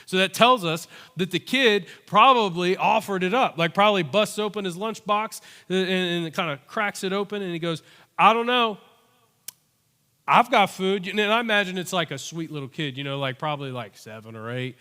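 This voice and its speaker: A male pastor delivering a sermon as animated storytelling, acting out the characters' voices. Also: high voice, fairly quick, few pauses, clear, resonant tone. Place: church. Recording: long church-hall reverb.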